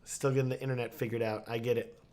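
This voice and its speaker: A man's voice: medium pitch, little pitch movement, fast, a little mellow. A man hosting a live video Q&A, talking casually and enthusiastically with lots of fillers and restarts. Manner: enthusiastic, rambling with many fillers. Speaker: host of live Q&A stream. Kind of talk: casual live-stream chat.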